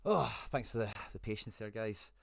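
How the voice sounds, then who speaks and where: A man's voice: lowish voice, moderate pace, gravelly, no echo, studio quality. Chatty man live-streaming. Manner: chatty, thanks viewers, reads out chat messages. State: a bit out of breath. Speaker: streamer hosting a fantasy football live stream. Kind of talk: casual live-stream chat.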